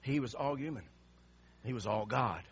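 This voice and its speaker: A man's voice: medium pitch, expressive, moderate pace, slightly rough, highs cut off. A male pastor preaching an impassioned sermon, emphatic and repeating words for effect.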